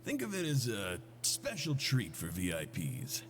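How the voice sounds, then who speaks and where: A man's voice: fairly low pitch, wildly swooping pitch, unhurried. A man voicing a polite cafeteria cook in a video game who serves a duke with courteous deference. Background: game music.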